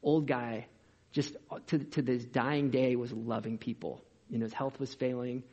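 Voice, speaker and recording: A male pastor delivers a sermon with a husky voice at a middle pitch. He talks in an energetic, conversational way, full of rhetorical questions. The recording is dull and lo-fi. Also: a little slow.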